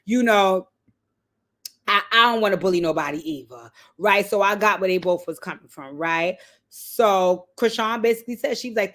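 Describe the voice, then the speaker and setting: A woman casually recapping a reality show, telling the story with lively quoted voices and blunt slang. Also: mid-range voice, fairly quick. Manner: animated storytelling, acting out quotes.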